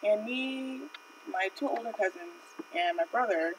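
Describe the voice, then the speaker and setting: A woman's voice: mid-range voice, measured pace, distant mic, background noise. A woman streaming while she draws, telling a personal story in a rambling, chatty way with lots of fillers. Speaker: art streamer. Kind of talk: casual live-stream storytelling.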